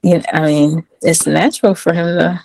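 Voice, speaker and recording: A woman's voice: moderate pace, creaky, husky, poor audio. Woman, 30s, podcast guest, chatty storyteller who acts out the quotes. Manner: animated, acts out quotes in a high voice. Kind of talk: casual storytelling.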